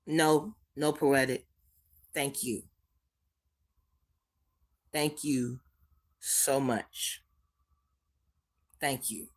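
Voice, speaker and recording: This woman's voice rumbles low and stays steady, moving extremely slowly with long pauses. Hosting a livestream and reading the chat, she speaks tenderly, calls people sweetie and baby, and repeats herself while holding back tears.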